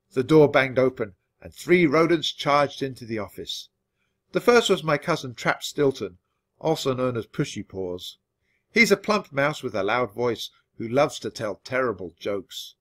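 A man reading a children's book aloud for English learners, with expressive, animated storytelling. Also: medium pitch. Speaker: storybook reader.

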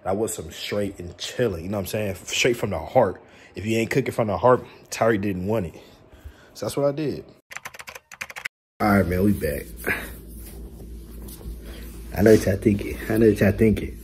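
Young male vlogger, deep-ish and soft-toned, cocky and playful, talks loose street slang to camera. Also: a little fast, slight background noise. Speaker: mukbang vlogger. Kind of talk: casual slangy vlog chat. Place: his bedroom lit with colored LED lights.

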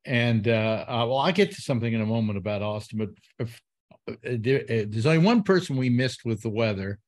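A man's voice: mid-range voice, expressive, fairly quick. Guy hosting a call-in chat, lots of uhs and restarts, plain middle voice. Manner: rambling, many fillers and restarts. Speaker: host.

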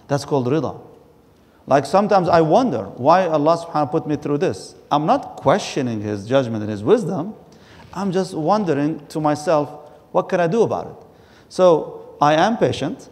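A man's voice: fairly high pitch, lively intonation, normal speed, a little mellow. Man lecturing in a reverberant hall. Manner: explains by asking and answering questions, recites Arabic. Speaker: Islamic scholar. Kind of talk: religious lecture.

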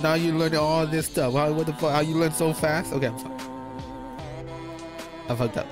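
A man's voice: fairly high pitch, fairly even intonation, fairly quick, pauses often. A man giving rambling, self-mocking gameplay commentary, swearing often. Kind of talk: casual game commentary. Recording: loud game music behind.

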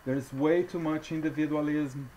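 A man's voice: on the high side, steady tone, moderate pace, warm tone, slight background noise, low-quality recording. A man with a non-native English accent, talking to viewers in a digressive, earnest monologue with apologetic asides. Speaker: vlogger addressing viewers. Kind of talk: rambling off-the-cuff monologue.

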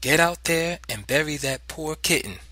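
Guy doing a harsh taunting mom, pitched way up, bright edge. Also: moderate pace, no echo. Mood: stern. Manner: sharp, commanding, taunting. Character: stern, harsh mother scolding her young son.

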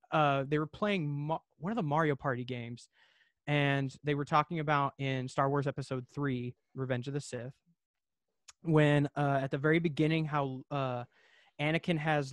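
A man's voice: on the high side, no room sound. A man chatting as a podcast guest, telling stories in a laid-back, rambling way full of filler words. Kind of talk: casual chat.

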